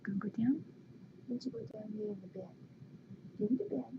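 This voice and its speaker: A woman at home talking to her pet in soft, often whispered baby talk. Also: medium pitch, quick pace. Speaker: pet owner. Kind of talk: cooing talk to pets. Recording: dull lo-fi home video with noise.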